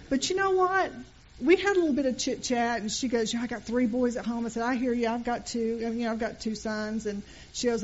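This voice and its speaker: A woman's voice: on the high side, darkish tone, muffled recording. A middle-aged woman preaching a sermon in church, telling stories in a conversational way and making earnest appeals to the congregation. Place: church sanctuary.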